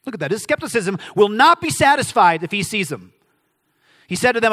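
Animated pastor preaching in a reverberant hall. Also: male voice, sits high, a little fast. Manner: animated, acts out quoted voices, emphatic questions and answers. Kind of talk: sermon.

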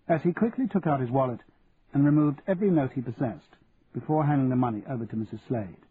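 Brief: male audiobook narrator, steady and measured, phone-thin sound. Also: medium pitch, breathy edge. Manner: measured storytelling. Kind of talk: audiobook reading. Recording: tinny lo-fi radio recording, faint hiss.

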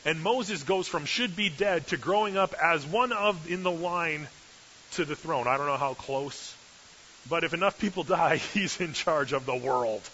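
Forceful male preacher, joking sermon. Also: on the high side, measured pace. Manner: humorous, sarcastic asides. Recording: dull lo-fi recording with hiss.

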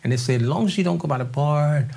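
Telling stories fast in a casual interview, this husky older drummer from New Orleans, Louisiana, speaks with a pitch on the high side. He laughs a lot and animatedly performs the voices of people he quotes.

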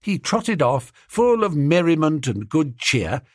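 A man's voice: fairly high pitch, a little slow, no echo, clean studio sound. Jaunty male audiobook narrator. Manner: jaunty, animated storytelling. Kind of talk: first-person comic novel reading.

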